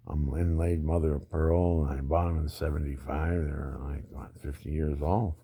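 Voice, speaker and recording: A man's voice: extremely low pitch, steady tone, normal speed, creaky, dark tone, slightly rough, no room sound. An older man telling rambling personal stories in a digressive way, often laughing at his own anecdotes.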